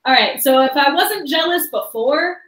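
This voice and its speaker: A woman's voice: high-pitched, lively intonation, moderate pace, recorded from a distance, a little hiss or hum. A woman hosting a travel agent webcast, bubbly and chatty, laughing easily between lines. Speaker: stand-in host of a travel agent show. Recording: echoey room, a bit off mic.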